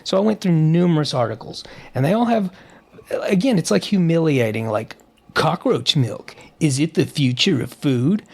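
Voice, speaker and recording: A man co-hosting a podcast, chatting in an animated, opinionated way with frequent restarts. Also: on the high side, vocal fry, husky. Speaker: podcast co-host. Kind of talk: casual podcast chat.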